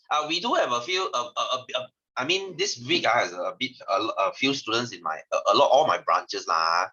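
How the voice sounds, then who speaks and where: A man's voice: medium pitch, animated, a little fast, pushed and bright. A man with a Singaporean English accent teaching a science class over a video call, chatty and teasing his students, often ending sentences with "lah". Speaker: science tutor. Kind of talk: online class lesson. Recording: dull lo-fi video call audio.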